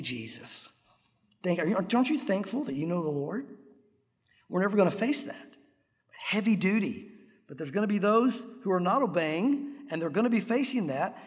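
Middle-aged male pastor, earnest and animated sermon delivery, echoey church hall. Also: high-pitched. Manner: earnest, animated, acts out crowd voices. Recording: echoey hall with long reverb.

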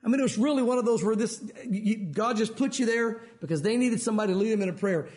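A man whose voice sits high speaks fast while giving a men's group a conversational Bible teaching. He tells stories in an animated, chatty way, saying "you know" often.

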